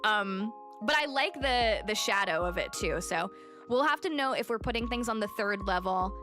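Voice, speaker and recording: A woman's voice: mid-range voice, expressive, normal speed, over music. A woman livestreamer chatting casually and animatedly, telling a story while she plays and greets her chat.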